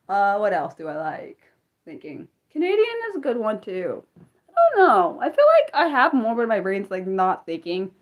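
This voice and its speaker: A young American woman hosting a casual livestream, excitable and apologetic, talking back to her chat with many restarts. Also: medium pitch. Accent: American, Maryland. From United States. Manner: excitable, apologetic, lots of restarts and self-corrections. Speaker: livestream host.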